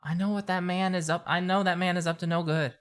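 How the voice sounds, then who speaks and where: A player speaking in character in a tabletop game, pushing back quickly. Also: medium pitch, steady tone, clean tone.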